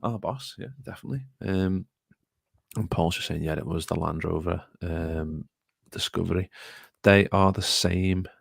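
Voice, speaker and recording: A man's voice: low-pitched, steady tone, normal speed, gravelly, no echo, clean studio sound. A man co-hosting a live football podcast, chatting casually and rambling as he reads out viewer comments. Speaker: podcast co-host.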